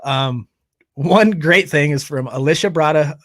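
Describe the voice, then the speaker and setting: A man hosting a live recovery stream in a loose, joking, animated way. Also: a little high, unhurried, no room sound, studio quality. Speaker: host. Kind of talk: casual live-stream chat.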